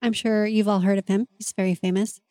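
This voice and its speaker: A woman's voice: mid-range voice, flat delivery, brisk, dark tone, dry recording. A woman hosting a podcast, talking in an earnest, open and confessional way in a reflective monologue. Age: adult parent. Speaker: podcast host and mentor.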